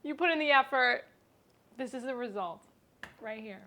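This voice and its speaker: A bubbly woman chats through a home cooking vlog, her voice pitched high. She sounds bright and sharp as she gushes to her viewers, picked up on a clip-on mic. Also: moderate pace, slight background noise. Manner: bubbly, chatty, gushing. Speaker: home cook host.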